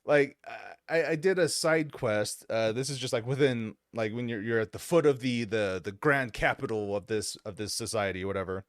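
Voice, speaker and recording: A man's voice: mid-range voice, normal speed, few pauses, no echo, clean studio sound. A man co-hosting a podcast, retelling a video game story in casual chat and acting out the characters' lines with frequent laughs. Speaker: podcast co-host.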